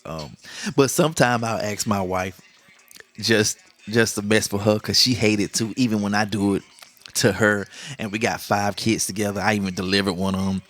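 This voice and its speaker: A man's voice: fairly low pitch, steady tone, moderate pace, fairly bright tone. A middle-aged man hosts a casual monologue, joking, laughing often and acting out the lines he quotes. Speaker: podcast host.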